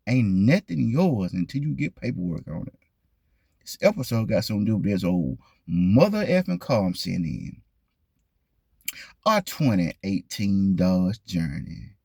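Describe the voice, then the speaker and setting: A man's voice: medium pitch, big pitch swings, normal speed, slightly rough, dry recording, clean studio sound. A man hosting his own vlog in casual talk to the camera, who stresses his points by repeating them and keeps asking the viewers questions. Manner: talks straight to viewers, asks them questions. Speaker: vlog host.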